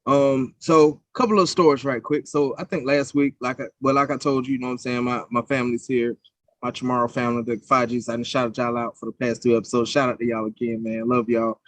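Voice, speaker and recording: A man's voice: medium pitch, flat delivery, fairly quick, fairly bright tone, no room sound. A young man co-hosting a podcast, telling stories in a casual, profane, heated way. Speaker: podcast co-host. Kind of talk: casual chat.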